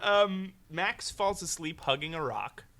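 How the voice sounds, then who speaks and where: A man hosting a podcast, recapping a movie in animated, joking, casual chat. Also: fairly high pitch, unhurried. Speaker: podcast host.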